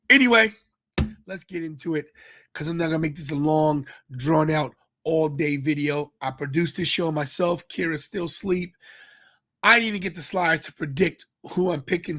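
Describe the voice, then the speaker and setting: A man with a fairly high voice talks in a loose, rambling way, greeting viewers in the chat as he goes. He sounds tired and sleepy, chatting casually as host of his live stream. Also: fairly bright tone. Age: adult with kids. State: tired, yawning. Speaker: podcast host.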